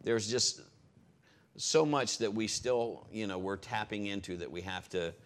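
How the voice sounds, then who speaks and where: A man pastoring a congregation in a relaxed, conversational way, explaining what everyone will do next. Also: fairly low pitch, measured pace. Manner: relaxed, conversational, giving instructions. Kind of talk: sermon, leading the congregation.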